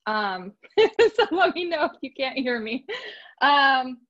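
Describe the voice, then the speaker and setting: A woman's voice: sits high, big pitch swings, takes it slowly, a bit bright. A woman from San Diego speaking as a guest on a video call, a little nervous, chatty and self-deprecating. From San Diego, California. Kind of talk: casual talk on a video call. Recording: dull lo-fi call audio.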